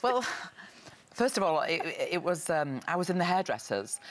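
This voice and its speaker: A woman from England with a notably low voice chats as a talk show guest. She tells her stories haltingly, repeating words and starting over, and grows animated as she goes. She sounds middle-aged. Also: slight background noise. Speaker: guest, television writer. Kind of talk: chatty talk show interview.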